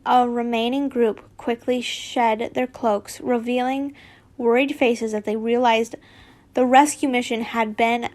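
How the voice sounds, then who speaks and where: A woman reads fanfiction aloud at an unhurried pace in a fairly high voice. She stumbles, corrects herself and drops chatty asides along the way. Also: fairly even intonation, a little mellow. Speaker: fanfiction reader.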